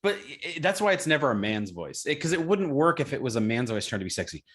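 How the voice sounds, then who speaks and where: A man's voice: on the high side, sing-song, quick pace, a crowd in the background. A man co-hosting a comedy podcast, teasing and sarcastic in casual chat. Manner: teasing, sarcastic, laughs along. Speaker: podcast co-host.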